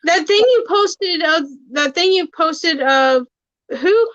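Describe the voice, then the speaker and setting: A woman's voice: very high-pitched, animated, takes it slowly, fairly bright tone, dull audio. A woman co-hosting a casual livestream chat, chiming in with short questions. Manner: asks short questions, interjects.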